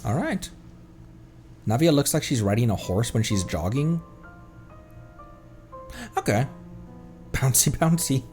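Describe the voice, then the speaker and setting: A man chatting through a game stream, his voice swinging lively up and down as he rambles and corrects himself mid-sentence. He giggles now and then, with soft game music faintly under him. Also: medium pitch, slow pace, long pauses. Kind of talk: casual gameplay commentary.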